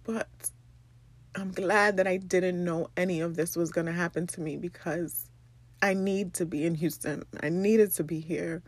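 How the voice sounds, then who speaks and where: A young woman, from the Bronx, hosting a personal podcast monologue, tearful and halting, with many pauses and ums. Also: fairly low pitch, fairly even intonation, no room sound. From the Bronx, New York. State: tearful, crying. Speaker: podcast host.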